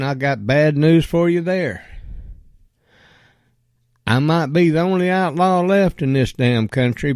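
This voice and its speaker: A man's voice: fairly high pitch, a little mellow, no room sound, clean studio sound. A man delivering an angry, profane rant that he aims straight at a politician. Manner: blunt and profane, addresses a politician directly.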